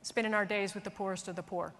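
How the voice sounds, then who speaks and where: A woman military leader telling a story in an earnest, animated way, speaking at a conference. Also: mid-range voice, quick pace. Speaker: military leader giving a speech. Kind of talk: storytelling speech. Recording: long reverb of a large hall.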